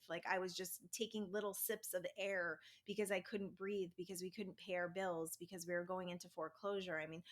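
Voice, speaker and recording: Chatty upbeat woman podcast host. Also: medium pitch. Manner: chatty storytelling, animated and upbeat. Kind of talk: casual spiritual self-help monologue.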